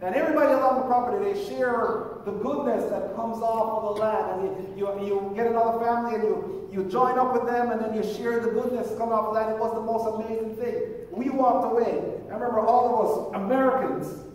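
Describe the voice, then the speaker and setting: High-voiced preacher in a hall. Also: male voice, fairly even intonation, brisk, few pauses, a little mellow, slight background noise. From Jamaica. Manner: conversational storyteller, acts out quoted voices. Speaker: pastor. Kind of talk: sermon with personal stories. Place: church auditorium. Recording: echoey church hall, mic at a distance.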